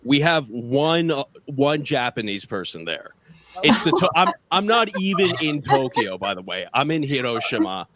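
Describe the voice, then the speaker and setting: A man's voice: medium pitch, sing-song, moderate pace, fairly bright tone. Rambling self-mocking American man comedian. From United States. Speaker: stand-up comedian. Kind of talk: online stand-up set.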